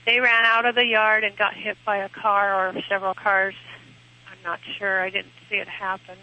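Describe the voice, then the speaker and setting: A woman calls in to a radio show and speaks quietly, in a subdued way. Her voice is flat and sharply bright. It comes through a dull lo-fi phone line. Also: medium pitch, normal speed. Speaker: caller.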